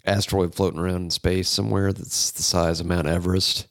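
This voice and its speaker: A man's voice: low-pitched, flat delivery, a little fast, a bit bright. A man co-hosting a metal podcast, chatting casually, swearing and joking a lot. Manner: profane, joking, laughs often. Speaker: podcast co-host. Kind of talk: casual chat.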